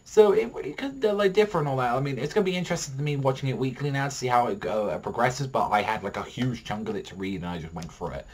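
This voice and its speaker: A man reviewing an anime episode in a rambling, excitable way, swearing a lot and filling his talk with "like". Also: mid-range voice, fast, few pauses, slightly rough.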